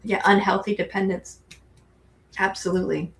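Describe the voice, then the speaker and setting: Gravelly-voiced woman tarot co-host. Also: medium pitch, fairly even intonation, normal speed, slight background noise. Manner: rambling with frequent restarts and fillers. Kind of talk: casual chat.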